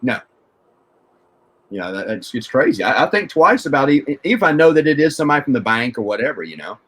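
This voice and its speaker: A man's voice: medium pitch, very animated, fast talker, a bit bright, husky. A man hosting a casual chat, rambling and restarting as he asks questions. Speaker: host.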